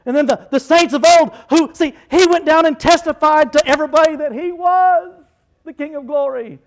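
A male pastor preaching a lively sermon, rising to shouts as he quotes scripture. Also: very high voice, moderate pace, low-quality recording.

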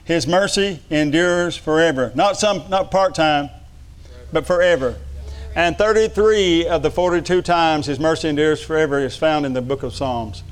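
A man's voice: on the high side, normal speed. A middle-aged man preaching a sermon, fervent and repetitive. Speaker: pastor.

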